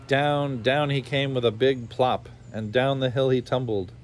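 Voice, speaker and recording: Man, storyteller, reading a kids' book aloud, medium pitch, slow and clear. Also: steady tone, a little hiss or hum.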